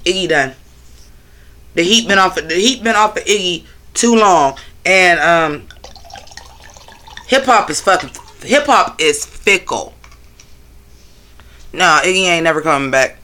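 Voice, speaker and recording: A man's voice: high-pitched, bright, forceful tone. A man hosting a casual livestream on his phone, talking loosely and profanely while answering his chat. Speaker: livestream host.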